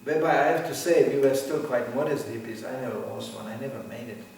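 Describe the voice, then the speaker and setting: An older man giving an informal religious lecture in a theatrical, animated way. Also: medium pitch, fast talker, creaky, slight background noise. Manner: animated, theatrical, acts out voices. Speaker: spiritual teacher. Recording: echoey room, mic at a distance.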